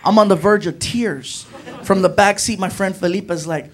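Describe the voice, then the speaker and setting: A male stand-up comedian telling a story on a club stage, animated and fond of asking "right?". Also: sits high, normal speed. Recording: live club recording with audience noise.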